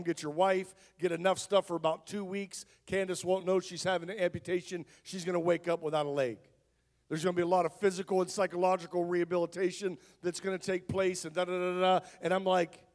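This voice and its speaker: Man, pastor, sermon testimony, conversational, joking asides, slightly high voice.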